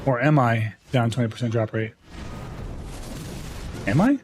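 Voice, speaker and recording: A man's voice: mid-range voice, steady tone, a little fast, noisy background. A man streaming live, chatting casually and joking playfully with his chat.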